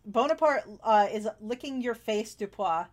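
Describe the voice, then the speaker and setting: A woman runs a tabletop role-playing game, narrating scenes and calling for dice rolls. Her voice sits fairly high. She keeps it chatty and loose, laughing often and filling gaps with plenty of "uh"s. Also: animated, normal speed. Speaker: game master.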